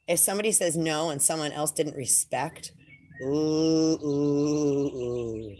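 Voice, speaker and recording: A woman talking casually and rambling in a slangy, animated way as she channels spiritual messages. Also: low voice, slow.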